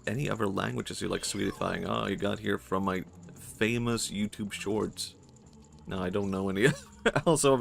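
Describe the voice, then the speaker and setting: Gravelly Swedish-accented man streaming a game. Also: deep voice. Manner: rambling, jokey, laughs often. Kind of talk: casual gameplay commentary.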